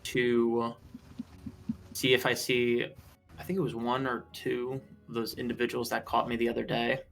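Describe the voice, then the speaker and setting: A man's voice: medium pitch, completely flat delivery, normal speed, creaky, fairly bright tone, faint music behind. A man playing a tabletop game, speaking in a meandering way that trails off mid-thought. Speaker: player. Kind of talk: casual tabletop game chat.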